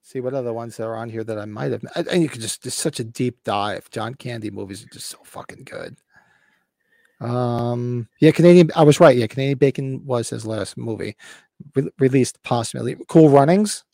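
A man's voice: mid-range voice, normal speed, gravelly, mellow, no room sound. A man in his fifties hosting a casual podcast, talking with rambling enthusiasm and swearing freely. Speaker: podcast host.

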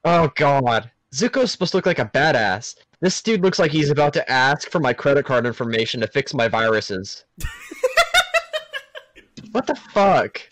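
A man's voice: medium pitch, very animated, normal speed, a bit bright. A young man in casual, profane chat, reacting to a movie with mocking disbelief. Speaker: friend watching a movie, fan of the show.

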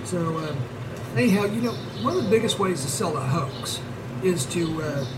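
A man's voice: sits high, expressive, normal speed, very noisy. A man hosting a podcast, rambling through profane prank stories and laughing as he goes. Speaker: podcast host. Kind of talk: casual storytelling chat.

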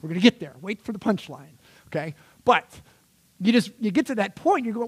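A male pastor preaching a sermon, conversational and animated, talking straight to the congregation and slipping into playful voices. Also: high voice, fast, breathy edge. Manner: conversational, addresses the congregation directly.

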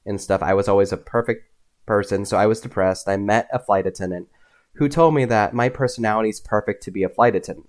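A young man, a podcast guest, telling personal stories in a casual, animated way, often acting out what others said. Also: fairly low pitch. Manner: animated, acts out voices in his anecdotes. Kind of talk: casual storytelling.

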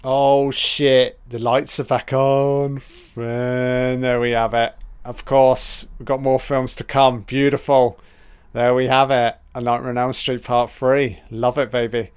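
A man talks over a film in a slow, unhurried drawl, swearing freely and jeering at the characters. His voice stays smooth and clean throughout, even as the jokes get crude. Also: medium pitch. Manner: crude, profane and mocking toward the characters. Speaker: film commentator. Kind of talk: audio commentary over a film.

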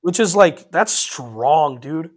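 A young man talking casually with a friend, high in pitch and swinging wildly up and down as he gets worked up. He swears freely and often trails off mid-thought, then starts again. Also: slow. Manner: excitable, swears a lot, trails off and restarts. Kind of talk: casual chat.

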